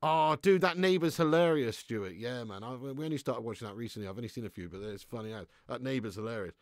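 In clean studio sound with no room tone, a man with a mid-range voice talks quickly with lively intonation. He's a streamer reading chat during a live football game, swearing, laughing, and rambling with his viewers.

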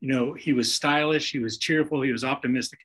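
A man's voice: mid-range voice, steady tone, fairly quick, fairly bright tone, rough recording. A man swaps stories over a video call in a folksy, homespun way. He keeps slipping into the voices of the people he quotes. The sound has the plain feel of a call mic. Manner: folksy anecdotes with acted-out quotes. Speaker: guest author telling stories.

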